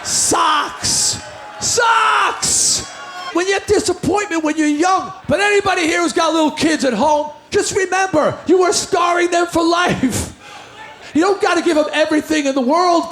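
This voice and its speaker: High-voiced man shouting a stage story. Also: normal speed. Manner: loud, energetic, shouting to a crowd. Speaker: band frontman. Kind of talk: stage storytelling before a song. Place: outdoor car show stage. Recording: echoey live stage sound with music.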